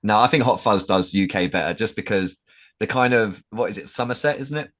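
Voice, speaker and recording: A man talks in a casual podcast chat with a fairly low voice. He sounds easygoing and teases his friends now and then. He keeps it loose and conversational. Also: brisk, a crowd in the background. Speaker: podcast co-host.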